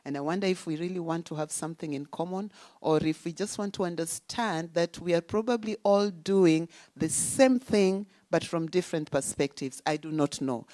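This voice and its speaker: A woman with a low voice gives a symposium talk. She lectures with rhetorical questions and firm emphasis. The sound is dry and close. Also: a little mellow, no room sound. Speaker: symposium speaker. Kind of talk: academic talk. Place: conference hall.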